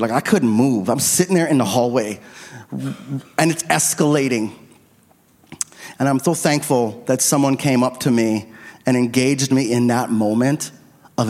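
A middle-aged man preaches from a church stage, his mid-pitched voice carrying through a handheld microphone. He tells a personal story in an earnest, confessional way, quoting his own quiet prayers. The sanctuary adds a long, ringing reverb to every phrase. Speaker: pastor. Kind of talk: sermon.

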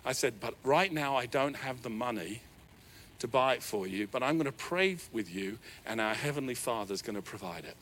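A middle-aged man with a New Zealand accent, preaching a sermon in a church hall. He tells a personal story in an animated, self-deprecating way. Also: mid-range voice, normal speed, slight background noise. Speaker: pastor.

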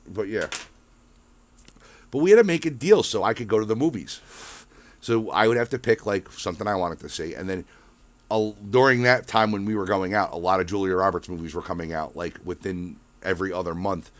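Man host, lowish voice, profane rambling rant, dry close sound. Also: moderate pace, pauses often, no room sound. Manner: profane and rambling, full of swearing and fillers. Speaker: podcast host. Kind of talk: casual monologue rant.

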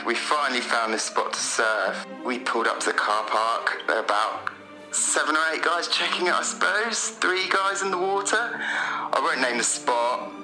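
A man from Bristol calling in to tell a casual anecdote in a relaxed, rambling way. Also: mid-range voice, normal speed. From Bristol, England. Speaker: caller. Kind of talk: casual storytelling. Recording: echoey room with faint music.

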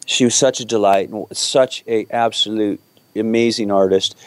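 A man, an actor guest chatting in an interview, talking haltingly with lots of fillers and restarts. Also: on the low side, fairly even intonation, no room sound. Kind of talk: casual interview chat.

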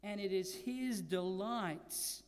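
A man preaching a sermon as pastor, slowing down to stress key words and moving between loud emphatic lines and quiet ones. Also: high-pitched, smooth, long reverb tail. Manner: preaching with slow emphatic stresses and dynamic swings.

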